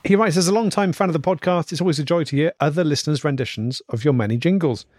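A man's voice: a little high, fast talker, darkish tone, no echo. Man reading emails, dry close sound. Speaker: podcast co-host reading listener emails. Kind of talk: casual chat, reading letters aloud.

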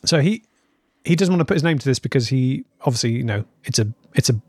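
A man's voice: mid-range voice, animated, quick pace, a little mellow, husky, no room sound. A man from England co-hosting a comedy podcast, reading listener emails aloud with dry amusement. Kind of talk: casual chat.

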